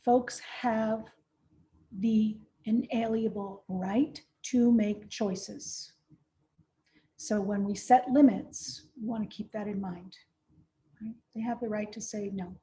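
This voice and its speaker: A woman's voice: mid-range voice, steady tone, takes it slowly, mellow. A woman presenting a training session, practical and direct, often checking in with "right?". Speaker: conference trainer.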